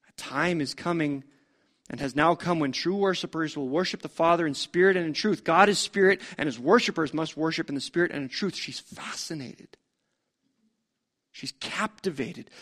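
A man with a fairly high voice preaching a storytelling sermon. He sounds conversational and keeps posing rhetorical questions to his listeners. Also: fairly quick, fairly bright tone.

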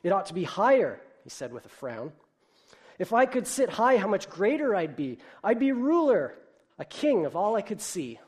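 A man voicing a boastful, greedy male turtle king in a storybook reading, loud and commanding. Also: high voice, sing-song, normal speed, slightly rough, voice pushed up, heavily acted.

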